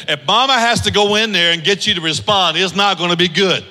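Bright-voiced high male preacher. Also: in a large hall. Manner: preaching in rapid-fire rhetorical questions, rising to sing-song emphasis. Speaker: pastor. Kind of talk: sermon.

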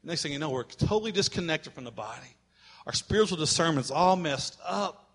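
A male pastor delivering a sermon, emphatic and repetitive, at times shouting. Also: on the high side, expressive, fairly quick.

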